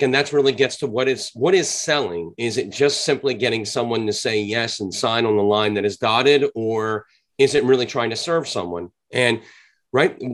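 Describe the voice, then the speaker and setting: A man speaking as a podcast guest and sales trainer, explaining his views in an earnest, conversational way and drawing out the words he wants to stress. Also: medium pitch. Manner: earnest, explanatory, drawn-out emphasis on key points. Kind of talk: conversational interview answer.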